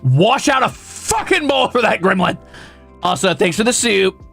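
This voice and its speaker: A young man streaming casually, reading viewer comments aloud and ranting with lots of swearing, flipping between outrage and mock calm. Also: high-pitched, unhurried, vocal fry, breathy edge, soft background music. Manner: profane, excitable ranting that swings to mock calm.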